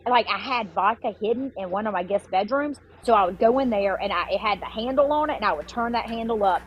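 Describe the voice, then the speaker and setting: A woman, a podcast guest telling her story in casual talk, animated and swearing freely, with many restarts and fillers. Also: mid-range voice, fast, dull audio.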